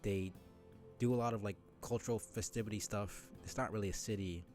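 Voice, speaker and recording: A man's voice: lowish voice, fairly even intonation, a little fast, a little mellow, faint music behind. A man streaming a game live, chatting in a rambling, self-deprecating way with lots of fillers.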